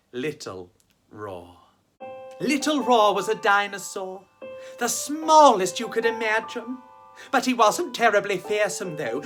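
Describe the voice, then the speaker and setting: Woman, children's storyteller, slow unhurried delivery, slightly low pitch, theatrical and gushing. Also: fairly bright tone. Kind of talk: library rhyme time and storybook reading.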